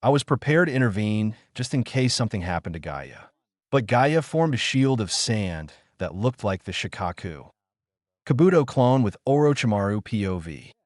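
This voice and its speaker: A man narrates a first-person fanfiction tale in a flat, even read. His voice sits on the low side, and the recording is dry and close, with no room sound. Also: moderate pace, no echo.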